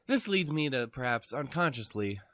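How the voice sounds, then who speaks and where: A man's voice: mid-range voice, very animated, moderate pace, a bit bright, no room sound, studio quality. Rambling, cursing man reading a game. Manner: rambling, profane, self-mocking. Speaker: let's play host. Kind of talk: reading a visual novel aloud with commentary.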